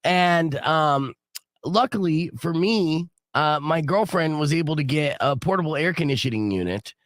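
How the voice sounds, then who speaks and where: A man hosts a morning radio show in a casual, chatty way, with a voice a little higher than usual. The studio sound is dry and close. He brings his stories to life and gets loud when he acts out what people said. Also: moderate pace, no room sound. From Arizona. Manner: animated storyteller, acts out quotes loudly. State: sick with a cold.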